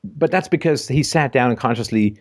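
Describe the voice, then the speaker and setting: A man hosting a call-in show, talking in a measured, reflective way with frequent fillers. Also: medium pitch, no echo, studio quality. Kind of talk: casual phone-in discussion.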